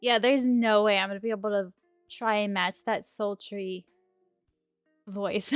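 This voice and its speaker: A woman streamer with a medium-pitched, steady voice reads a dating game aloud at a measured pace during a casual playthrough. Despite a sore throat, she fills the gaps between lines with giggly, chatty asides. The recording has no echo, and faint game music plays underneath.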